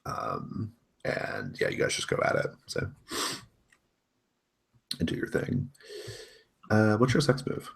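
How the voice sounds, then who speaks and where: A man's voice: fairly low pitch, huge pitch swings, takes it slowly, creaky, long pauses. A man running a tabletop role-playing game as game master, narrating in a casual, rambling way and laughing often.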